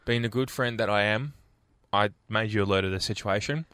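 A man co-hosting a breakfast radio show, cheeky and ribbing, with energetic song links. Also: fairly low pitch, fairly quick, clear, resonant tone, dry recording, clean studio sound. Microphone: studio microphone.

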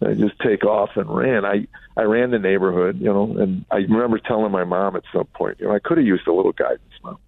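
A middle-aged man from Chicago with a very low, gravelly voice tells candid family stories with a wry, reflective edge. He comes through a narrow, tinny phone line, dry and close. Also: quick pace, no echo. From Chicago, USA. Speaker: comedian and author, guest. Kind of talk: candid storytelling in an interview.

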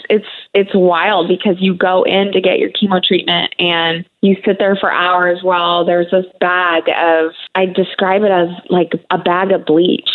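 A woman in her thirties, a guest on a talk show, speaking candidly in a conversational way with many fillers. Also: lowish voice. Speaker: guest sharing her cancer story. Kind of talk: emotional interview conversation. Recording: tinny phone-like radio audio.

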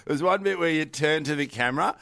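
A man's voice: a little high, fast talker, vocal fry, a bit bright, dry recording. A man, co-hosting a podcast and retelling a mate's story in a casual, rambling way. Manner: rambling anecdote teller.

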